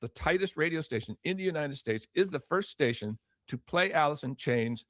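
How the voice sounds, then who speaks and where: A man's voice: a little high, moderate pace, no room sound. An older man, a former record promotion executive, telling stories as an interview guest, acting out dialogue with many restarts. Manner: animated storyteller, acts out quoted dialogue, many restarts. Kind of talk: storytelling interview talk.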